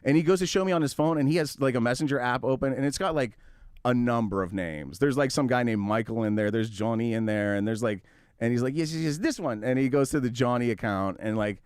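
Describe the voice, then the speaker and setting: A man with a middle pitch and a dry, close studio sound tells a long story. He acts out both sides of the conversation and swears freely, his pitch rising and falling as he gets worked up. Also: fast talker, a little mellow, smooth, no echo. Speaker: radio show host. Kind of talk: casual storytelling chat.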